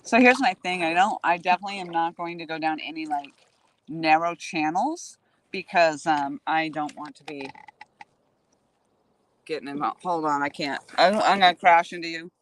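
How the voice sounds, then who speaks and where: A woman with a deep voice and moderate pace livestreams from her kayak on a lake, holding her phone and chatting directly to viewers. There's slight background noise in the clip.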